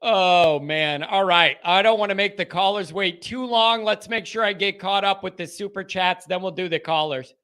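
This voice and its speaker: A high, very bright male voice hosting a live call-in show. He talks in an animated, rambling way, chuckling between thoughts. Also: normal speed, few pauses, smooth. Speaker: show host.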